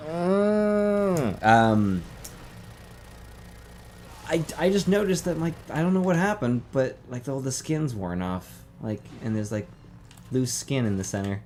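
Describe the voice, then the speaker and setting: A man co-hosting a casual gaming chat, a little drunk, rambling, swearing and bursting into loud laughs. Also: medium pitch, lively intonation, takes it slowly, long pauses, slight background noise. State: tipsy. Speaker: let's play co-host.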